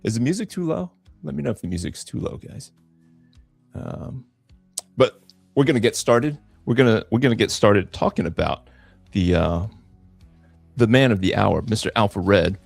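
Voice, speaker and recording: In this casual livestream, a comic artist drawing at home talks in a gravelly, low-ish voice at normal speed, pausing often and piling on fillers and repeated words. He's a bit out of breath, with no room sound and faint music in the background.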